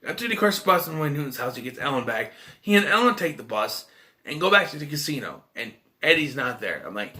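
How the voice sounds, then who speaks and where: A man casually recapping a film plot in a rambling, animated way, acting out his own reactions. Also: a little high, a little fast. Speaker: movie reviewer.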